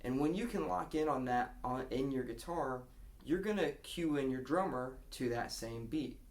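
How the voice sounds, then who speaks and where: A man's voice: mid-range voice, moderate pace. A man giving a casual guitar lesson, explaining a strumming pattern and counting beats aloud. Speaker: guitar teacher.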